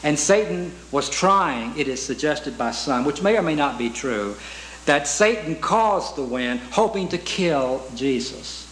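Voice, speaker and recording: A man's voice: fairly high pitch, expressive, measured pace, a bit bright, echoey room, a little hiss or hum, low-quality recording. A man preaching a sermon in an earnest way, asking rhetorical questions and reciting hymn lyrics.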